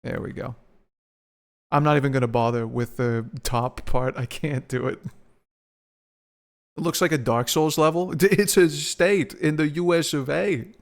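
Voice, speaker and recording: A man's voice: a little high, a little slow, vocal fry, pauses often. A young man chatting casually on a live stream, rambling, swearing and laughing often.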